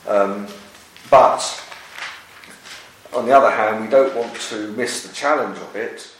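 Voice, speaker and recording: Man, low voice, very slow, earnest Bible study talk, measured pauses, distant mic in a very echoey room. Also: fairly bright tone, a little hiss or hum.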